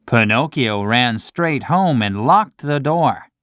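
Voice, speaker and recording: A woman narrates a classic children's tale in slow, clear, scripted storytelling. Her voice sits low but moves a lot in pitch, giving an animated read. It is recorded close and dry. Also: dry recording, faint music behind.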